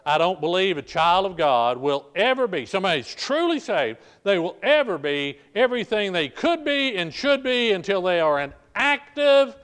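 An older pastor with a drawl preaches a sermon with emphatic repetition and frequent restarts. His voice sits a little high for a man, and he keeps calling on the congregation to listen. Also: fairly bright tone.

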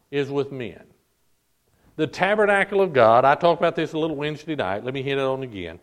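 A man with a fairly high voice preaches with fervent emphasis, repeating phrases and drawing out the words he stresses. He leans on the congregation, calling them folk and pressing each point home. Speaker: pastor. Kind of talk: sermon. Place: church service.

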